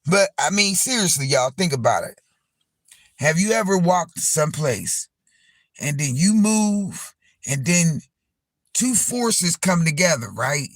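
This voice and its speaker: A man hosting a live stream, telling a story in a loose, animated way, repeating himself, swearing, and calling his viewers y'all. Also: a little high, measured pace, dry recording, studio quality. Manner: animated, repetitive and profane, addressing viewers as y'all. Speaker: livestream host.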